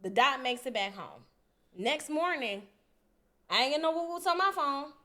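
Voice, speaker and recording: Female podcast co-host, slightly high voice, animated and profane storyteller. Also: moderate pace. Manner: animated, profane, acts out both sides of arguments. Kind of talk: casual storytelling.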